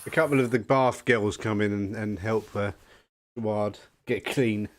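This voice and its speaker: A man narrating as game master in a tabletop game, relaxed and easygoing. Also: lowish voice, measured pace.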